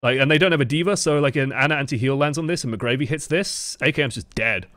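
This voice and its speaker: A fast-talking man with a medium-pitched, fairly bright voice gives live analysis of esports match footage. His commentary is casual and profane, full of "like" fillers, and the audio has no room sound.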